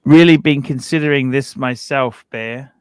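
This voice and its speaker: A man's voice: medium pitch, moderate pace, clean tone, no room sound. A man hosting a casual livestream, reading viewer messages aloud with enthusiasm. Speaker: livestream host.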